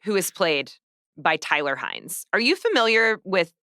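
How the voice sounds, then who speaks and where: Woman podcast host, chatty and snarky, bright voice, dry close mic. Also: lowish voice, unhurried, no echo. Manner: chatty, sarcastic, animated storytelling. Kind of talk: casual chat, movie recap.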